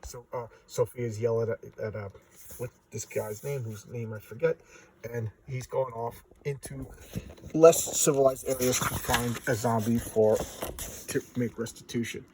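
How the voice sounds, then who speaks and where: Male comic reviewer, warm low-key timbre, rambling story-style recap. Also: fairly even intonation, a little slow, slight background noise, poor audio. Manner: loose storytelling recap, briefly acts out character lines. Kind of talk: casual comic book recap.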